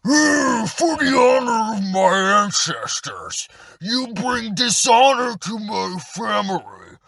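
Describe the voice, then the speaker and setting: A man voicing a proud, brutish male orc warrior who shouts in a strained, guttural voice, as if talking around tusks. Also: sits high, expressive, takes it slowly, gravelly, pitched above the performer's own voice, exaggerated voice. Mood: proud, threatening.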